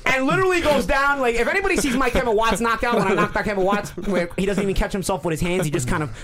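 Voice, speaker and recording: A man, telling a profane, animated story as podcast co-host and acting out quotes. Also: sits high, rapid-fire, crowd noise. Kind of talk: casual storytelling.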